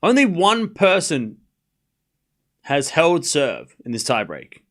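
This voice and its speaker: Calling play-by-play on a live tennis watchalong stream, a man trades sarcastic banter with his chat, shifting from muttered score updates to shouted calls. His slightly high voice moves slowly, with huge pitch swings.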